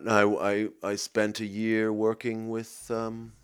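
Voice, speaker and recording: A man hosting a comedy podcast, rambling excitably from one silly tangent to the next. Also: lowish voice, slow pace, clean tone. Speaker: podcast host. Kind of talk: rambling comic chat.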